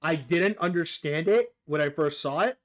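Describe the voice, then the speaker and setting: An excitable man hosting a casual gaming chat, his voice pitched a little high. He swears freely and talks over his guest in bursts of enthusiasm. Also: moderate pace. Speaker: podcast host.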